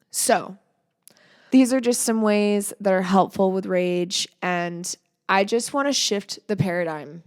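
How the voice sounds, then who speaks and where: Slow, gravelly-voiced woman podcaster. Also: on the low side. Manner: earnest, reflective and encouraging, with soft trailing phrases. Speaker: podcast host. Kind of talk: solo podcast monologue.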